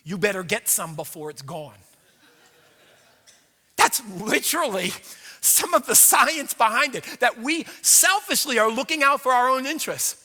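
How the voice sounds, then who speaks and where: Bright high-voiced man preaching in a reverberant church. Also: unhurried. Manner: animated, conversational, acts out inner voices. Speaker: pastor. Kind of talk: sermon. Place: church sanctuary. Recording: long hall reverb.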